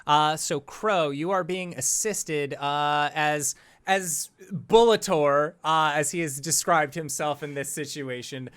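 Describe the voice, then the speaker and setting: A game master narrating a tabletop superhero game, in loose, relaxed speech full of "like" and "uh". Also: medium pitch, takes it slowly, clean tone. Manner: laid-back, filler-heavy narration.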